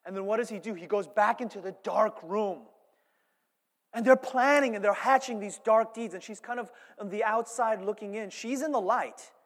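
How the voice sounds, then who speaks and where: In a church hall with long, ringing reverb, a male pastor whose voice is high for a man gives a sermon at normal speed. He tells it animatedly, lowering to hushed asides before rising to loud, emphatic points.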